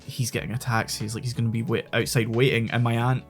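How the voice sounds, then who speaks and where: A man's voice: medium pitch, level tone, quick pace, soft background music. A man with a Scottish accent, a podcast host, animatedly retelling a story in casual chat, full of quoted dialogue and swearing. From Scotland.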